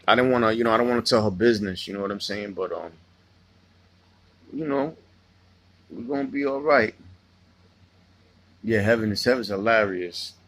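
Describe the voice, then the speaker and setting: A man's voice: fairly low pitch, moderate pace, pauses often, fairly bright tone, no room sound. A man hosting a casual livestream, rambling and swearing freely as he tells stories and answers chat. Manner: loose, profane, rambling storytelling. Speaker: livestream host reading chat.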